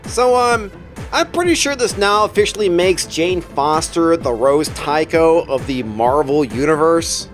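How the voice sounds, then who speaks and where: Sarcastic guy ranting about comics, swearing a lot, high lively voice, faint music. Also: unhurried, hardly any pauses. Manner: sarcastic, profane, deadpan jokes. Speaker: comic book reviewer. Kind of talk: casual ranting review.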